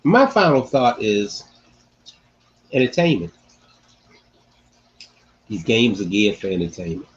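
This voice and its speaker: A man hosting a casual sports-talk podcast, animated and repeating phrases for emphasis. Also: on the low side, slow pace, pauses often, lo-fi sound. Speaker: podcast host.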